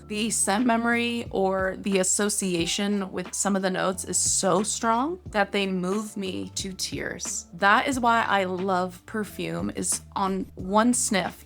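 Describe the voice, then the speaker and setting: Young woman perfume vlogger, emotional and confiding, gushes about scents, normal pitch. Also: gravelly. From United States. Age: young adult. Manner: heartfelt, confiding, gushing. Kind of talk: emotional personal vlog.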